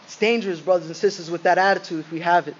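Male pastor, very high voice, earnest conversational sermon, muffled lo-fi recording. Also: steady tone, rapid-fire, breathy edge. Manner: earnest, conversational preaching with rhetorical questions.

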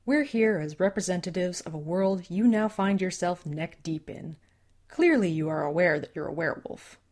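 A woman's voice: fairly low pitch, normal speed, a little mellow, natural voice. A woman voicing a friendly, teasing young male coyote shapeshifter in an audiobook, cheerful and reassuring. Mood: explaining.

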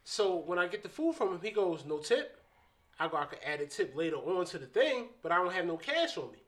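A man's voice: high-pitched, big pitch swings, fast talker, fairly bright tone. A man on a podcast telling an exasperated anecdote in casual chat. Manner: storytelling, exasperated. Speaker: podcast co-host.

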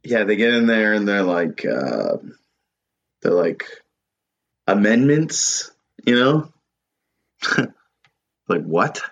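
A man's voice: on the low side, big pitch swings, slow pace, gravelly, long pauses, a bit bright. Podcast host, male, crude jokey banter, slightly muffled lo-fi sound. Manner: crude, joking, slips into mock voices. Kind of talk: casual comedic chat.

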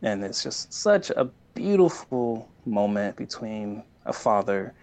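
Low gravelly man in earnest chat. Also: big pitch swings, takes it slowly, a little mellow. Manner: earnest, enthusiastic, rambling with fillers and restarts. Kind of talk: casual chat recapping a show.

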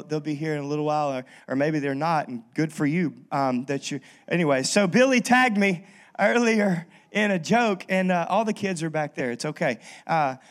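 A pastor giving a sermon in a humorous, chatty way, often restarting his sentences. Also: fairly high pitch.

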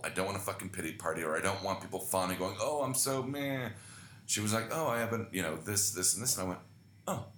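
A man's voice: low-pitched, a bit bright, roomy sound, a little hiss or hum. A young man hosting a podcast, telling rambling, self-deprecating stories with lots of swearing in casual chat. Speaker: podcast host. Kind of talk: casual storytelling monologue.

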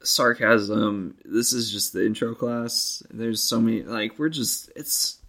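A man's voice: fairly low pitch, fairly even intonation, slow pace, gravelly, a bit bright. A young man co-hosting a podcast, chatting casually with a dry, sarcastic sense of humor. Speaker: podcast co-host. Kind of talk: casual chat.

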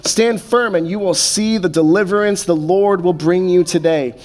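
A male pastor in his thirties delivers a sermon in a voice sitting a little high for a man. He moves steadily through scripture, then drops into soft, unhurried pauses to let a thought settle. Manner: measured preaching with slow, soft pauses.

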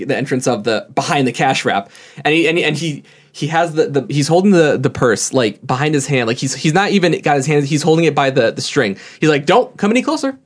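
A young man telling a story to friends in casual chat, rambling and often stumbling over repeated words. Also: medium pitch.

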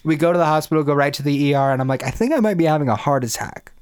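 A man's voice: on the high side, animated, very fast, a little mellow, clean tone. A young man co-hosting a podcast, telling a long story in casual chat, rambling, swearing and laughing as he goes. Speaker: podcast co-host.

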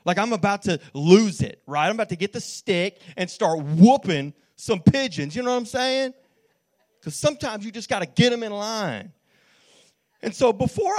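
Man, pastor preaching, higher voice, animated storytelling, stumbling restarts, calls to the congregation. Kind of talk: sermon. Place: church.

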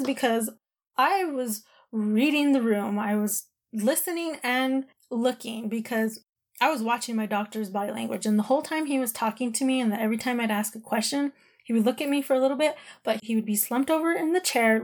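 A woman casually telling a personal story to camera, retelling conversations and talking with lots of "like" fillers. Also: a little high.

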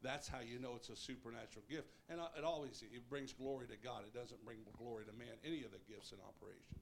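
Male preacher, mid pitch, emphatic, light rumbling noise behind. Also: fairly even intonation, fast talker, gravelly. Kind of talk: sermon.

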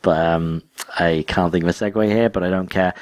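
A man with a lowish voice co-hosts a casual podcast, bantering in a dry, wry way. The recording is dry and close, with no room echo. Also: steady tone, fairly quick, smooth. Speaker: podcast co-host. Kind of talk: casual chat.

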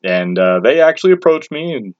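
A man's voice: medium pitch, big pitch swings, a little fast, no room sound. A man casually telling a story about himself, blunt and crude, full of restarts and filler words. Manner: rambling and blunt, with crude slang and many restarts. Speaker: storyteller recounting his own experience. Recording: dull lo-fi, dry sound.

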